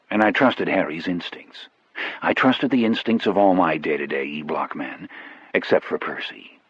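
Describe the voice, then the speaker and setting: A man narrating an audiobook in a measured, grave first-person storytelling style. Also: deep voice, slightly rough, no room sound, dull audio.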